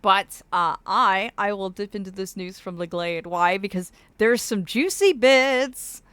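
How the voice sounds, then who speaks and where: A woman with a bright, forward voice hosts a casual live stream in character as a fey being. She fondly calls viewers darlings and laughs often. A swollen cheek slightly blurs her speech, and the recording is close and dry. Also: medium pitch, unhurried, smooth, no room sound. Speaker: streamer playing a fey persona.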